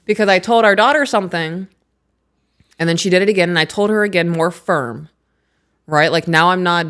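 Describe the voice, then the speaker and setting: A woman in her thirties co-hosting a podcast, chatting casually, reading aloud from a book and acting out what people said in animated stories. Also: lowish voice, a little fast. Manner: animated storyteller who acts out quotes. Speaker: podcast co-host.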